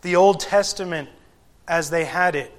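A man preaching a sermon to a gathered congregation, deliberate and emphatic, with frequent pauses and rhetorical questions. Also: fairly high pitch. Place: church gathering.

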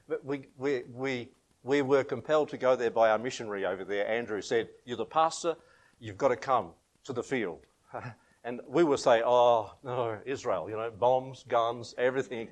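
A man's voice: medium pitch, moderate pace. A middle-aged Australian man preaching as a pastor. He reads scripture, leads a prayer and tells homely anecdotes with a laugh. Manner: chatty storytelling, laughs at his own anecdotes. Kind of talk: informal sermon with Bible reading.

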